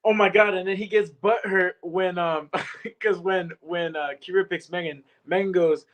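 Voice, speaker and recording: A young man co-hosting a reality show recap, talking in relaxed slangy banter and often laughing. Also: high-pitched, normal speed. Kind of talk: casual chat.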